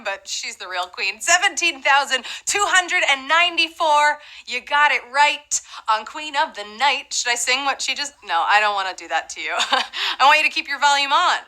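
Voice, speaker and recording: Bright, chatty woman hosting trivia. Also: high-pitched, lively intonation, moderate pace, rough recording. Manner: chatty and playful, with asides to players. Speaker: trivia game host. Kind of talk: hosting a live trivia game show.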